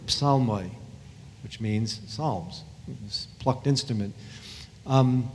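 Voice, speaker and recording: A man's voice: medium pitch, darkish tone, long reverb tail. A man teaching about the Bible, emphatic and repeating key phrases.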